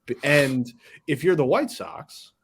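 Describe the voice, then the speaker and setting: A man's voice: on the high side, animated, slow, fairly bright tone, slightly rough. A man co-hosting a podcast in casual chat, rambling with lots of fillers and restarts. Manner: rambling, filler-heavy, self-correcting. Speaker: podcast co-host.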